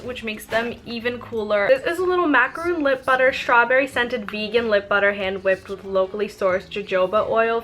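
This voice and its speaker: A woman's voice: mid-range voice, pushed and bright. A young woman vlogging casually, gushing over products with lots of "like" and "oh my god". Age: young adult. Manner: gushing, girly, full of "like" and "oh my god". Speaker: YouTuber. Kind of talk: casual product review vlog.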